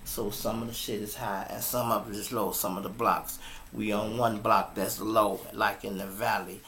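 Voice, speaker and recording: A man casually telling a story to his listeners, animated and profane, often calling them y'all, speaking at his computer setup. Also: on the low side, moderate pace, a little hiss or hum.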